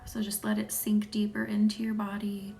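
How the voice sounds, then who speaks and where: A woman from the American South with a light Southern accent, hosting a live Reiki stream. She chats with viewers and thanks them by name, and often drops into a soft whisper. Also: mid-range voice, completely flat delivery, moderate pace, vocal fry, faint music behind. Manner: chatty, laughs easily, thanks viewers by name. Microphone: phone or webcam on a live stream.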